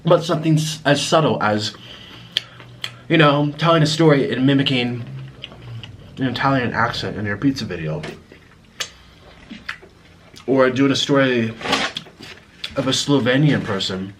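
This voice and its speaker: Male vlogger, average pitch, apologetic rambling confessional, faint background hiss. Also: measured pace, pauses often. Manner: apologetic and reflective, rambling with restarts. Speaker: mukbang vlogger. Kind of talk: casual confessional talk to camera.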